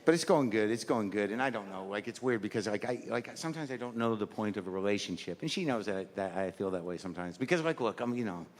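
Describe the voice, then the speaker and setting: A man's voice: on the low side, lively intonation, fast talker, hardly any pauses, slight background noise. A middle-aged man doing a stand-up routine, talking conversationally and self-deprecatingly, often trailing off. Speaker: stand-up comedian. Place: comedy club stage. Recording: live crowd in a reverberant hall.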